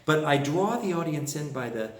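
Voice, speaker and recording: A man's voice: fairly high pitch, animated, normal speed, reverberant, distant mic. A man teaching harmonica phrasing, explaining and humming phrases to show them. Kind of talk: music lesson with played examples.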